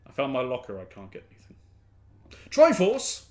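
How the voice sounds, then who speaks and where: A young man chatting casually to his stream while playing, rambling with quick asides. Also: medium pitch, wildly swooping pitch, a little mellow. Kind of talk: casual gameplay commentary.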